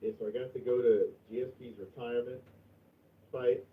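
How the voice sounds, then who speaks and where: A man's voice: medium pitch, little pitch movement, normal speed, recorded from a distance, narrow, tinny audio, slight background noise. A man hosting a live stream, talking casually and bluntly with plenty of swearing. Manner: blunt and heavily profane. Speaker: stream host.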